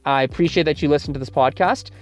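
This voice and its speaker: A man hosts a language-learning podcast, teaching in a casual spoken style. He's chatty, offering examples and correcting himself along the way. His voice is slightly high and quick, with faint music in the background.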